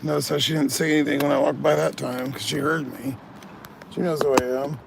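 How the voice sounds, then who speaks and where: Gravelly, swearing man ranting outdoors. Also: fairly high pitch, level tone, brisk, noisy background. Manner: grumbling, swears a lot while ranting. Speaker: vlogger. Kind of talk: casual vlog chat.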